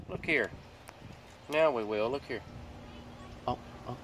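A man's voice: medium pitch, a little slow, gravelly, long pauses, background noise. A man, chatting and joking casually on his vlog. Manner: animated, joking, drawling. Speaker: vlogger.

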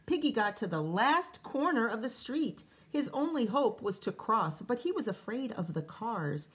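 A woman teacher reading a storybook aloud to children, pausing to chat and ask them questions. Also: a little high, sing-song. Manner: chatty, asks children questions.

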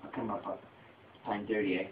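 Blustering low-voiced man in a tinny echoey room. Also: little pitch movement, fairly quick, a little hiss or hum. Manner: blustering, self-pitying, bossy. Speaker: comedy show host playing the boss. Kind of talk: homemade comedy skit. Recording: dull tinny phone-like audio in an echoey room.

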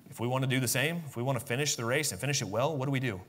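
A man preaching a sermon as pastor, swinging from soft, low musing to loud, high emphatic bursts. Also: rapid-fire, big-room sound. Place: church sanctuary.

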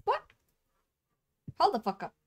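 A young woman streaming a game live, cursing and laughing in exasperation as she plays. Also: unhurried. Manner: swearing a lot, exasperated, laughing often. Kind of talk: live gameplay commentary.

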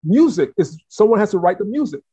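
A man from the Caribbean hosting an interview, animated and talkative, often repeating words as he thinks. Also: high voice, brisk, husky, no room sound. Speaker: host. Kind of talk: casual interview chat. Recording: dull, dry lo-fi sound.

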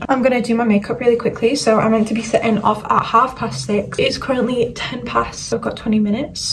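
A woman's voice: a little high, far from the mic, a little hiss or hum, low-quality recording. A young woman from Yorkshire with a Yorkshire accent, chattily narrating each step of her routine in a casual get-ready-with-me vlog from her bedroom. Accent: Yorkshire English. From Yorkshire, England. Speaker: vlogger. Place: bedroom at home.

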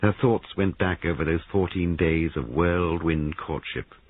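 A man narrating a mystery novel as an audiobook with animated storytelling. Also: low voice, measured pace, breathy edge, dry recording. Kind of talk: reading a mystery novel aloud. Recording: tinny band-limited recording.

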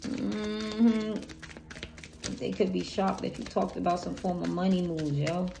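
A woman with a low voice runs through a tarot reading in a casual, blunt, heavily profane way, hyped-up and emphatic. The home recording carries clear background noise. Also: level tone, a little slow. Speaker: tarot reader.

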